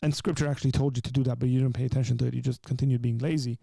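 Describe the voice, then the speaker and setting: A man hosting a live call-in stream, talking in an animated, joking way as he teaches with rising emphasis. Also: medium pitch, racing, vocal fry, no echo, studio quality. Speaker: livestream host. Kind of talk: live call-in show chat.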